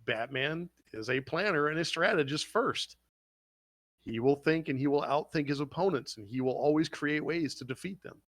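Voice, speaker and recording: A man hosting a laid-back podcast, pitched at an everyday middle, who tells stories with excitable energy and plenty of swearing. His voice is recorded close and dry, with no room sound around it. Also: dry recording. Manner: excitable, profane storytelling. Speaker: podcast host. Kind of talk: casual podcast chat.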